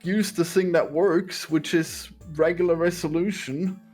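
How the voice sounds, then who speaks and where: A man's voice: fairly high pitch, fairly even intonation, measured pace, darkish tone. A man co-hosting a podcast in casual chat, blunt and opinionated, with faint music behind. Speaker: podcast co-host.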